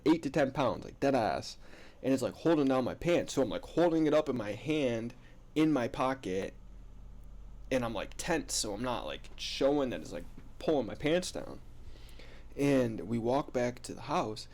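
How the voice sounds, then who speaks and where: A man's voice: mid-range voice, a little mellow. A young man telling a story in a casual, rambling way, full of slang, swearing and "like". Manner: profane slangy rambling, heavy use of "like".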